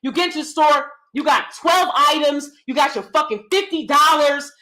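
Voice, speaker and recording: Woman, high and lively, casual rant, crisp tone; acts out the dialogue, exasperated restarts. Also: moderate pace. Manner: animated storytelling, acting out both sides of a dialogue; exasperated, repeats words and restarts. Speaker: speaker telling a personal story. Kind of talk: casual ranting monologue.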